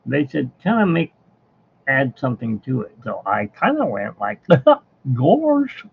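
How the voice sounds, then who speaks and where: A man doing an impression of a goofy-voiced male voice actor, talking in a folksy drawl that jumps into high yelps. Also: sing-song, unhurried, creaky, a little hiss or hum. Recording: tinny phone-like sound.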